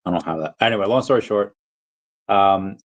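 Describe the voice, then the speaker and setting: Heard through lo-fi sound, a man with a lowish voice speaks briskly as he hosts an easygoing crypto stream. He reads comments from viewers, rambles, gets sidetracked, and interrupts himself.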